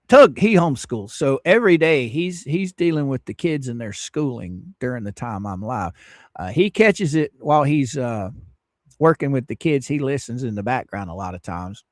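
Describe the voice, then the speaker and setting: A man's voice: mid-range voice, no echo, studio quality. A man in his fifties hosting a casual livestream, greeting viewers by name in a drawling, teasing, sarcastic way. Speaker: livestream host.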